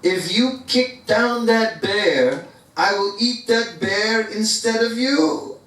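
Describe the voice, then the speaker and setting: A man's voice: high-pitched, slow, a bit bright, pitched above the performer's own voice. A man voicing a sly, urging tiger. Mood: slyly urging. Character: cunning persuasive talking tiger, male. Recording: echoey hall from far off.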